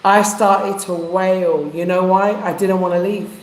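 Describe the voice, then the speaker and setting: A woman's voice: fairly low pitch, steady tone, measured pace. A woman from England telling a heartfelt personal story in casual chat, using street slang. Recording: echoey room.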